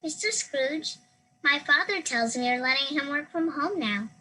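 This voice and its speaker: A woman's voice: high voice, animated, normal speed, pushed and bright, poor audio. A woman playing a sweet hopeful little boy. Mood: sincere.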